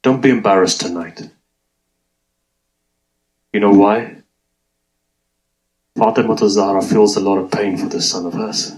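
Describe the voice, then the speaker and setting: A man delivers a mourning sermon in a fairly low voice. He tells it like a story, with a conversational tone, and keeps turning to speak to the people in front of him. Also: unhurried, pauses often, darkish tone, poor audio. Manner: conversational storytelling, addressing the audience directly. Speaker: Muslim preacher.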